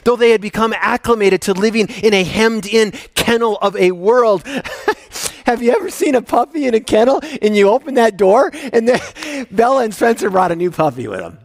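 A man preaching a sermon to his congregation in a church, emotional, swinging from loud excitement to quiet, intimate prayerfulness. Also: high-pitched, normal speed. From United States. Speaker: pastor. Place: church sanctuary.

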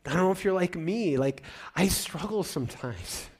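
A middle-aged pastor with a high-pitched, husky voice preaches at normal speed. His sermon rises to loud excitement and drops to soft, choked-up tones.

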